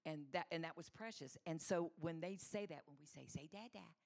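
A middle-aged woman with a deep, slightly mellow voice speaks briskly as a church speaker and mother. Her sermon is conversational and story-driven, and she acts out the voices of the people she quotes.

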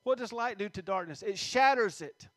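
A man preaching a sermon, reading scripture slowly and stressing words, with many questions to the congregation. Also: high voice, lively intonation, dry recording.

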